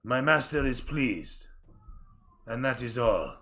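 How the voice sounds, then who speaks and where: A man voicing a formal male aide to a crime boss, speaking in measured, drawn-out phrases. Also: medium pitch, very animated, vocal fry, pushed and bright, exaggerated voice.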